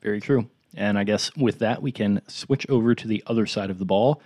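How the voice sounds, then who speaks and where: A man with a low voice talks quickly on a casual sports podcast, steering the chat with questions for his co-host. The sound is dry and close, with no room echo. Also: a little mellow.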